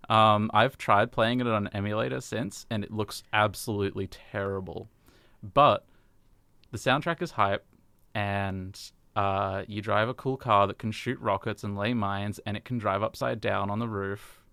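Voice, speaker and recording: A man's voice: on the low side, fairly even intonation, moderate pace, vocal fry, pushed and bright, smooth, no echo. A young man co-hosting a radio show, talking in a wry, self-deprecating way with plenty of fillers. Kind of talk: casual chat.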